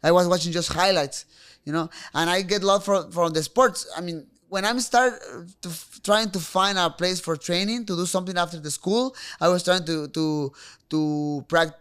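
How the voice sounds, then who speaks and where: A young Mexican man with a Spanish accent talking casually as a podcast guest, speaking halting English full of fillers and restarts. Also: high voice, fairly even intonation, fairly bright tone, clear, resonant tone. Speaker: guest fighter. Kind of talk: casual interview talk.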